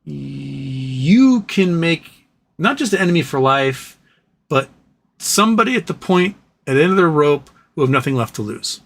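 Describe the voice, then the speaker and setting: Man, livestream host, sarcastic rants, fairly high voice, casual chat. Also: sing-song, a little slow, vocal fry. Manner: ranting, sarcastic, profane, reads chat messages aloud. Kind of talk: casual live-stream chat reading viewer comments.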